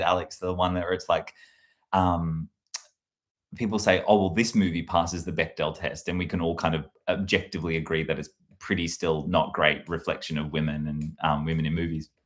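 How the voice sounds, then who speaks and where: A man chatting casually and rambling, with lots of fillers, hosting a live stream. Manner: meandering, animated, lots of fillers, jumps to shrill put-on quotes. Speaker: livestream host.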